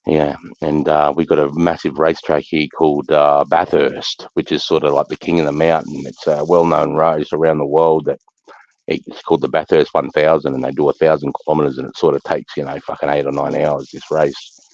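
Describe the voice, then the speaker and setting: A man's voice: a bass voice, little pitch movement, fairly quick, darkish tone, lo-fi sound. An Australian man hosting a livestream, chatting casually in a blunt, sweary, rambling way. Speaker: livestream host. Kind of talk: casual chat.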